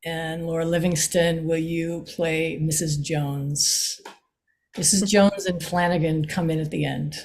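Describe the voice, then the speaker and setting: A woman's voice: low-pitched, fairly even intonation, measured pace, darkish tone, slight background noise. A woman, a playwright, assigning roles over a video call, hesitant with many ums. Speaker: playwright casting readers. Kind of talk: casual chat on a video call.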